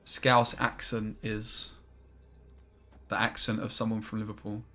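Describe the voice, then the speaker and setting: A man's voice: lowish voice, little pitch movement, a little slow, pushed and bright. A young man casually commentating his card game on a live stream, chatting and reading chat aloud into a desk microphone.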